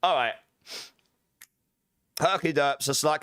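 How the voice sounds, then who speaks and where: A man's voice: medium pitch, expressive, moderate pace, fairly bright tone, no echo, studio quality. A man chatting casually on a live stream, upbeat and jokey, laughing often and thanking viewers by name. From Britain.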